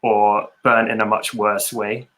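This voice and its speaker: A man's voice: lowish voice, flat delivery, a little slow, a bit bright. A man, hosting a webinar interview in a casual, easygoing way. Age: 30s. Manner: laughs easily, casual. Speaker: host.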